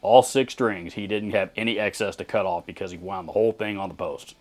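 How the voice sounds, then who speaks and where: A man's voice: on the low side, fairly even intonation, brisk. Blunt, sarcastic man from Texas. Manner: blunt, sarcastic, rambling with restarts. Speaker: channel host reading viewer comments. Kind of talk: casual commentary.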